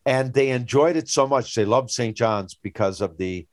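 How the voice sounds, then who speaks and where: A man's voice: medium pitch, moderate pace, dry recording. Rambling older man. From Newfoundland, Canada. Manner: rambling storyteller, animated when retelling anecdotes. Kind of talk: casual chat.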